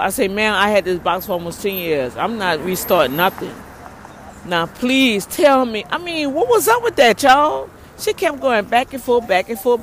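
Woman vlogger recounting a run-in from her car, emphatic and prayerful, light background hum. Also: on the high side. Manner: animated, exclaims prayers, repeats herself. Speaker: ministry leader. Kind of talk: storytelling vlog rant.

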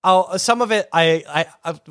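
A Canadian man in casual podcast chat reviewing a movie, animated and quick to laugh, often restarting his sentences. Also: sits high, no room sound, clean studio sound. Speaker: podcast co-host.

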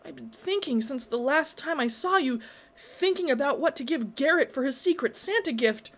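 Dreamy rambling young dude from a storybook, kinda dazed, halting speech, woman reading him. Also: high-pitched, animated, a bit bright, pitched above the performer's own voice. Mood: awestruck. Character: dreamy young man, awestruck and spacey. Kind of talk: storybook character voice.

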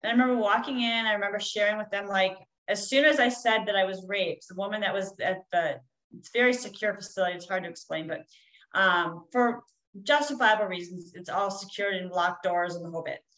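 A woman's voice: medium pitch, brisk, fairly bright tone, poor audio. A woman, a coach, telling a personal story in a candid, rambling way with frequent fillers.

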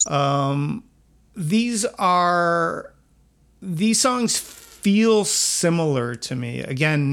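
A man's voice: on the high side, gravelly, fairly bright tone. A male interviewer in a casual chat, asking long, chatty questions and inviting listener feedback. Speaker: interviewer host.

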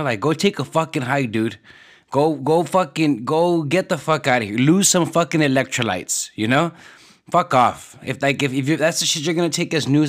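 A man ranting casually on a podcast, swearing constantly and rambling with lots of filler words. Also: mid-range voice. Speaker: podcast host.

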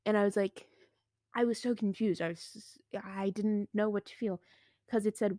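Chatty, excitable teenage girl podcaster. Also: mid-range voice, fairly quick, no echo, studio quality. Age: teens. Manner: chatty and excitable, heavy use of "like" and "I was like". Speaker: podcast host. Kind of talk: casual solo podcast monologue.

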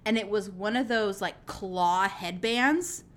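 A woman in her thirties co-hosting a podcast, chatting playfully in quick jokey banter. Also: medium pitch. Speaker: podcast co-host. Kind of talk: casual chat.

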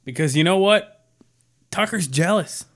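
Laid-back higher-voiced man on a podcast. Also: animated, unhurried, fairly bright tone. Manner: laid-back, swears, acts out quotes. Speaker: podcast co-host. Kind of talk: casual chat recapping a cartoon.

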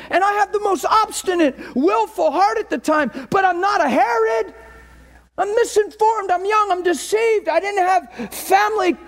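A middle-aged male pastor preaching a sermon with passion, moving from quiet talk to shouting. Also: very high voice. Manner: impassioned, swings from quiet to shouting.

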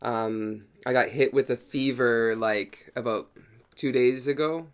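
A young man from Canada with a husky, sick voice, hosting a casual solo podcast, rambling and joking with casual swearing. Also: medium pitch, fairly even intonation, unhurried. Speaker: podcast host.

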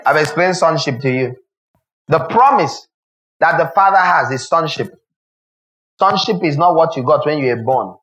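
A man's voice: on the high side, a bit bright, low-quality recording. A male pastor preaching a sermon, emphatic and repetitive, with rhetorical questions and humorous asides.

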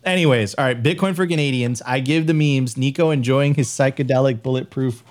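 A man's voice: medium pitch, brisk. A man hosting a live stream show, chatting casually and hyping up viewers, with frequent restarts. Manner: upbeat, hype-style sign-off with frequent restarts. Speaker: host.

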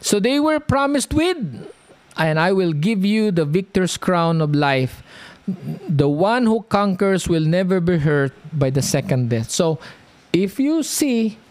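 Guy preaching, high voice that jumps around a lot, slow and dry. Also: dry recording. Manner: lively, animated, drawn-out delivery, frequent "okay?" check-ins. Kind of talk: sermon teaching.

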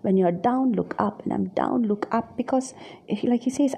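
A woman's voice: on the high side, normal speed, creaky, mellow, husky. A woman preaching a reflective sermon on scripture, musing aloud and often searching for her words.

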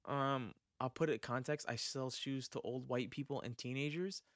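Man, podcast host, mid pitch, loose rambling talk, swears freely, very dry close sound. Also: steady tone, normal speed, fairly bright tone, no room sound. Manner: rambling, swears, trails off into fillers. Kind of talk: casual chat.

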